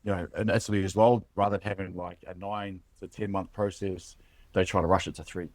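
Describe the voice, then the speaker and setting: A New Zealand man in his late thirties, a former rugby player, talking casually as a podcast guest, halting and calling the host "bro". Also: deep voice, flat delivery, a little mellow, no echo. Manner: halting, many fillers and restarts, says "bro" often. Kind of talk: casual conversational interview.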